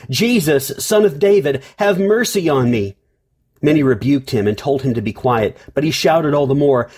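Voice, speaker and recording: A man's voice: medium pitch, darkish tone, slightly rough. A man reading scripture and preaching a sermon as pastor, telling stories and lifting his voice for quoted cries.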